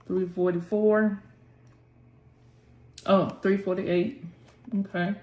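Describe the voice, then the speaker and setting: A woman's voice: medium pitch, flat delivery, slow, darkish tone, roomy sound. A woman hosting a live trading session, urging the chart on aloud and calling on the Lord as she talks. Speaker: trading channel host.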